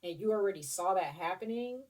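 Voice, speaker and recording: A woman's voice: mid-range voice, expressive, a little fast, darkish tone, far from the mic. A woman giving a casual tarot reading to her viewers, chatty and rambling, with restarts and casual swearing. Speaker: tarot reader.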